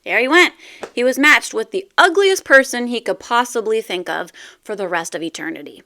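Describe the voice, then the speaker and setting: A woman podcast host with a bright, forward voice that sits a little high. She speaks in an encouraging, upbeat way and tells stories with animation. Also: animated, normal speed. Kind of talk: upbeat motivational talk and joke-telling.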